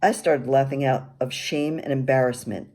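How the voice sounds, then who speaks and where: A woman's voice: rumbling low, steady tone, normal speed, darkish tone. An older woman reading her own memoir aloud in a wry, candid storytelling manner.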